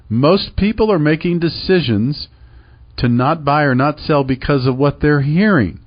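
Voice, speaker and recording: A middle-aged man hosts a real estate radio show, pushing listeners to act with emphatic, persuasive talk full of repeated points and rhetorical questions. His voice is medium-pitched, and the sound is lo-fi.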